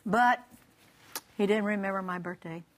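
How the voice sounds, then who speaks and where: On a Christian broadcast, this woman guest speaker relates a humorous testimony from her own life, laughing as she talks and acting out the dialogue in a lively storytelling style. Her pitch is medium and her pace moderate.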